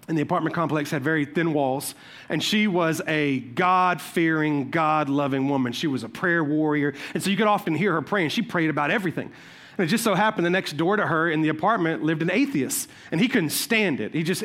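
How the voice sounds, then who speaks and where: A man's voice: sits high, a bit bright. A man preaching a sermon, telling stories and checking that the crowd follows. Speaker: pastor.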